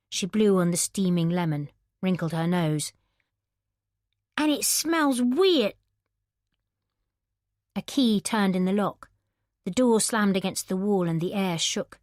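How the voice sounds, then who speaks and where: A woman narrating a psychological thriller audiobook in a measured, tense manner. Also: lowish voice, no echo, clean studio sound. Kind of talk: scripted narration.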